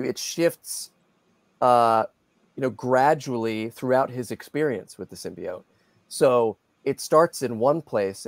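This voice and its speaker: A middle-aged man, a guest voice actor, chatting in an interview in a lively, self-deprecating way with many restarts. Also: medium pitch, no echo. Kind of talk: casual interview chat.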